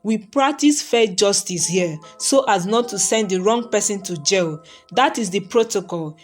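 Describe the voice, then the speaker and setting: A woman voicing a calm, firm male police officer who explains procedure and gives advice, in a storybook reading. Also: medium pitch, faint music behind. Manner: measured, emphatic.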